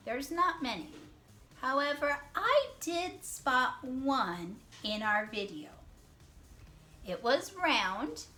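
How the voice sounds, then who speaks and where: Young children get a reading lesson from a woman teacher whose voice is high and a bit bright. Speaking slowly, she lengthens words to count out syllables, praises the kids' answers, and sometimes whispers.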